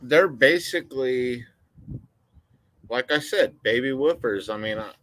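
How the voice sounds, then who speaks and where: A man's voice: mid-range voice, expressive, a little slow, a bit bright, a little hiss or hum. A man joining a casual live-stream chat as a guest, laid-back and matter-of-fact about technical details.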